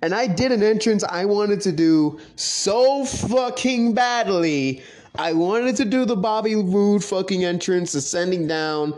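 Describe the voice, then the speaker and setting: A young man telling stories from his own past in a casual, profane, excitable monologue. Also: high voice, a little slow. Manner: profane, excitable, quotes others in animated voices. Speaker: podcast host recounting his online wrestling league career.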